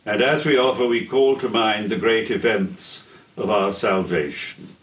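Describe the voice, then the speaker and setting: An older man giving a theology lecture in a deliberate, solemn way, pausing between phrases. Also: fairly low pitch, a bit bright. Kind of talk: slow measured theology lecture. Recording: echoey room, heard from a distance.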